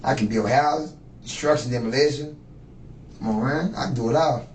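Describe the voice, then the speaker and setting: With a medium-pitched, slightly mellow voice at a moderate pace, a fifties-aged man being interrogated as a suspect rambles on, boastful and profane. The echoey interrogation room is picked up by a distant mic, along with faint noise.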